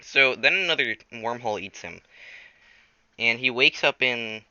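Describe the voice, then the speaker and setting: A man improvising a silly story, rambling and correcting himself as he goes. His voice is bright and smooth, with animated pitch. The sound is dry and slightly lo-fi. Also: measured pace, no echo. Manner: rambling, self-correcting, lively. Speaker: storyteller host.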